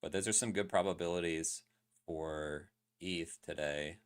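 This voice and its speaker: Very deep-voiced man analyzing charts. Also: unhurried. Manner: loose, filler-heavy, asks chat questions. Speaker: crypto trading streamer. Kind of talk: casual livestream chart analysis.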